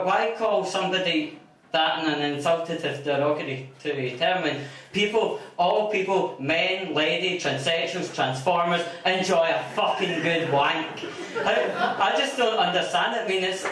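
A man's voice: sits high, moderate pace, a bit bright. A Scottish man doing a crude, rambling stand-up comedy set with frequent stammers, recorded from far off in a club. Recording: echoey room from far off, noisy. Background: audience laughter.

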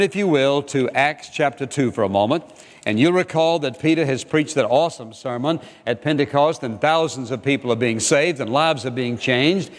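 A man's voice: mid-range voice, long reverb tail. An older man preaching a sermon as pastor, emphatic and repetitive, questioning his listeners directly.

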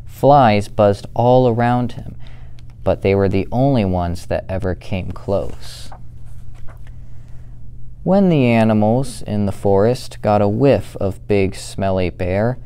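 A young man reads a children's story aloud at a very slow, careful pace. His lowish voice is smooth and resonant, with a warm, mellow tone. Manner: slow, steady, gentle reading. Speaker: student volunteer reader.

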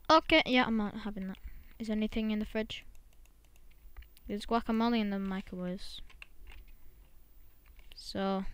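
A woman's voice: mid-range voice, smooth. A woman chatting casually while she plays a game, talking to her pet monkey as she goes. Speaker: gamer.

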